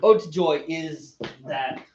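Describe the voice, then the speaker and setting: A man's voice: a little high, takes it slowly, echoey room, muffled recording, slight background noise. A man co-hosting a homebrewing video, joking and teasing his friend in casual chat. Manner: teasing, playful, animated. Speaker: homebrewer co-host. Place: garage at a friend's house.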